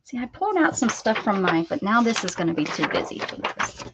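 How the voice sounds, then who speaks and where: A woman's voice: mid-range voice, very animated, a little fast, heavy background noise. A woman hosting a casual crafting livestream, chatting and talking baby-talk to her cat as she works. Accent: American. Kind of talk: casual chat while crafting.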